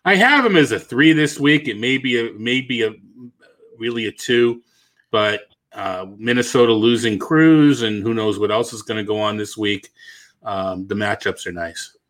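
A man's voice: lowish voice, normal speed, fairly bright tone. A man with a Boston accent co-hosting a casual fantasy baseball podcast, often restarting and trailing off as he talks. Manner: hesitant, restarts and trails off, laughs easily. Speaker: podcast co-host.

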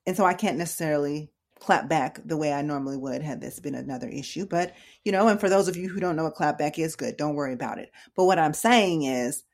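A woman's voice: low voice, fast, creaky, hardly any pauses. A woman emergency room nurse giving casual, conversational advice, slangy and direct with her listeners. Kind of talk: casual educational talk.

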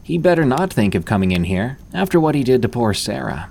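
A man's voice: medium pitch, sing-song, a little fast, creaky, darkish tone, slight background noise, pitched above the performer's own voice. A man voicing an angry teenage girl who scolds sharply.

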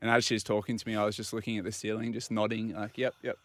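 In a lowish monotone delivered very fast, an Australian radio guest tells an easygoing story that pokes fun at himself, acting out what people said. The audio is studio quality with no room sound.

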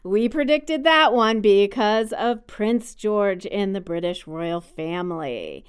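Woman podcast co-host, chatty and sure of her views, very clear tone. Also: mid-range voice, lively intonation, takes it slowly. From United States. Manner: opinionated, chatty, explains at length. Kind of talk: casual chat about baby names.

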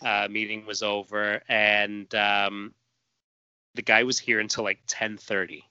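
A man's voice: fairly low pitch, little pitch movement, measured pace, sharp tone, smooth, dry recording, dull audio. A man chatting casually on a podcast, telling a long story full of fillers and restarts. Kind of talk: casual chat.

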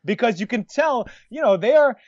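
This man's voice is extremely high and expressive, at a normal speed, as he co-hosts a casual podcast chat in a rambling, jokey, self-interrupting way with many restarts. The audio is dull, with no room sound.

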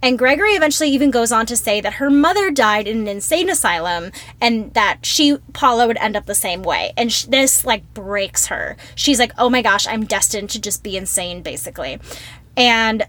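A woman co-hosting a casual podcast chat, retelling a film with lively acted-out quotes. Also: fairly high pitch, moderate pace. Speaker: podcast co-host.

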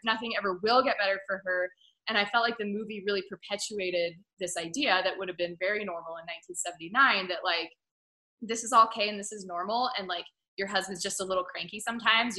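A woman casually discussing a film, animated, often acting out characters in exaggerated voices. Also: medium pitch, fast. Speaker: film reviewer. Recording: echoey room.

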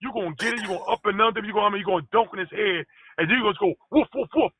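A man's voice: sits high, rapid-fire, bright, forceful tone, breathy edge, no room sound, pitched above the performer's own voice, full character voice. A man doing an impression of an intense basketball star who talks trash about others in the third person, heard over a tinny phone line. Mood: boastful. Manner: boasting in third person, fierce.

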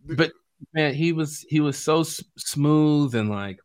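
Animated storytelling man. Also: on the high side, measured pace, smooth. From Chicago. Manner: animated, laughing often, acts out quotes. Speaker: guest. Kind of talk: casual storytelling.

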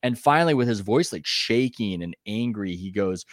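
A man with a fairly low voice tells a story from his reporting days as a podcast guest. He talks in a chatty, animated way, with quick asides and self-corrections. The sound is dry and close, with no room around it. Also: no room sound. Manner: animated anecdote telling with quick asides and restarts. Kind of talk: conversational podcast interview, storytelling.

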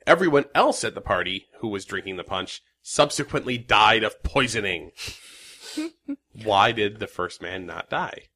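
A man on a podcast posing riddles in casual chat, animated and expressive. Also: on the low side, a little slow. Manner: animated storyteller. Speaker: podcast regular.

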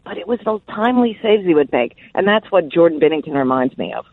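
A woman's voice: on the low side, lively intonation, fast, no room sound. A woman calling in as a guest, chatty and enthusiastic, on a phone line. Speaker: guest contributor.

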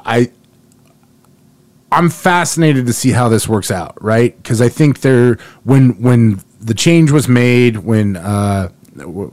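A man's voice: mid-range voice, dry recording. A man co-hosting a casual sports podcast, talking in a rambling, jokey way with restarts. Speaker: podcast co-host.

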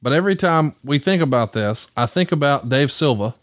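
A man's voice: mid-range voice, animated, brisk, no echo, clean studio sound. A man hosting a podcast, reading excerpts aloud and bantering with his guest. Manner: reads excerpts aloud, then banters and laughs. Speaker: podcast host. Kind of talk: casual interview chat.

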